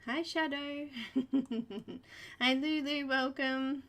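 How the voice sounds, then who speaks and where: Australian woman, art tutorial host, high voice, chatty, welcoming. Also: expressive, slow pace, pauses often, fairly bright tone, a little hiss or hum. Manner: chatty and welcoming, laughs often. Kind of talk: live coloring tutorial chat.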